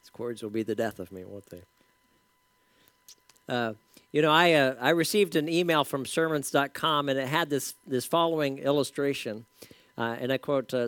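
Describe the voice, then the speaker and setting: A pastor preaching a sermon in a conversational, storytelling way with casual asides. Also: male voice, fairly high pitch, animated, moderate pace, fairly bright tone, smooth, no room sound.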